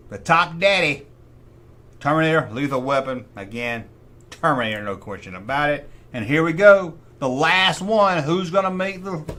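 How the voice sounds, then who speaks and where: Animated middle-aged man hosting a livestream. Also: fairly high pitch. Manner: animated, opinionated, talks to himself while deciding. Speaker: host. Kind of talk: casual livestream chat.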